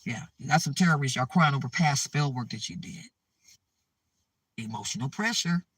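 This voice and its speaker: A man's voice: medium pitch, expressive, normal speed, fairly bright tone, husky, dry recording, distant mic. A man giving a preachy spiritual monologue to his viewers, repeating himself urgently and checking in with "okay?". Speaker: spiritual advice channel host.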